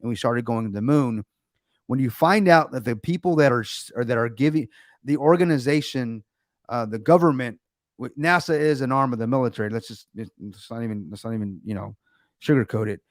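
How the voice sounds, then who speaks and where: A man's voice: medium pitch, a little fast, no echo, clean studio sound. An American man hosting a livestream, ranting sarcastically in casual chat with lots of restarts. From United States. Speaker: livestream host.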